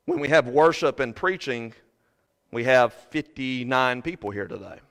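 A man preaching a sermon as pastor, swinging from shouted fervor to quiet earnest talk. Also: mid-range voice, expressive, unhurried, clear, resonant tone. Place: church sanctuary. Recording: preached in a reverberant hall.

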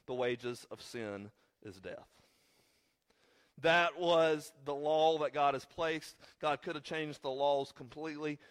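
A man's voice: a little high, fairly bright tone. A congested man with a slight cough, preaching a sermon as pastor with earnest, rising emphasis on key points.

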